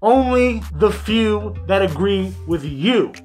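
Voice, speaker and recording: A man's voice: high voice, expressive, slow, darkish tone, faint music behind. A man ranting sarcastically over a video clip, heated, mocking and full of swearing. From Michigan, US. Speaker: commentary YouTuber.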